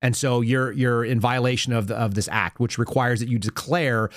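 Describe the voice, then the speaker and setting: A man's voice: medium pitch, steady tone, moderate pace, few pauses, no echo. Dry-voiced man hosting a political talk show. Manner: conversational storytelling with quoted dialogue and restarts. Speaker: podcast host. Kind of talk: casual political commentary.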